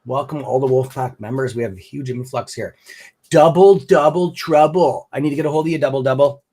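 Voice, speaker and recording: Casting: Canadian male stream host, middle pitch, loose and friendly, rambling chat to viewers. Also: fairly even intonation, fast, dark tone, husky. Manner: rambling, friendly, calls viewers brother and bud. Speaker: stock trading stream host. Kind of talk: casual live-stream chat.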